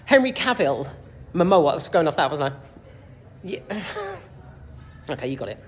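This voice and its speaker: A man's voice: a little high, huge pitch swings, normal speed, breathy edge. A young man ranting casually about a film and the heat, sweary, exasperated and rambling, filmed in a cinema foyer. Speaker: film reviewer. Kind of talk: casual vlog rant. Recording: reverberant foyer, faint background noise.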